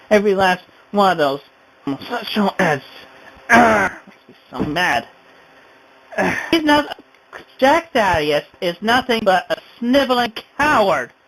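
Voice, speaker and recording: A woman's voice: mid-range voice, a bit bright, poor audio. A woman vlogging an indignant, rambling rant, sighing often. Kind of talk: ranting home vlog.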